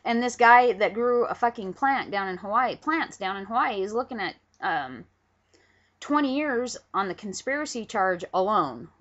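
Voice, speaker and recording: A woman's voice: mid-range voice, animated, moderate pace, a bit bright. A woman angrily ranting into a webcam at home, profane and emphatic. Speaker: vlogger. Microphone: camera on a pillow. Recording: dull lo-fi webcam audio.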